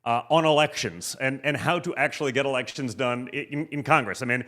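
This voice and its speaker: Male host, mid-pitched, punchy delivery, wraps the interview and reads the outro fast. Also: bright, forceful tone. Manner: quick, emphatic, repeats "okay" in asides. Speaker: podcast host. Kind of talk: political interview and sign-off.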